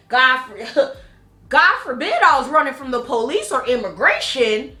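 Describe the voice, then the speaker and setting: A woman in her late twenties from the United States telling a story on her vlog, blunt and profane, swinging between earnest warnings and animated outbursts. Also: sits high, unhurried, soft background music. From Haitian American, United States. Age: 20s. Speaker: vlogger. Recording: roomy echo.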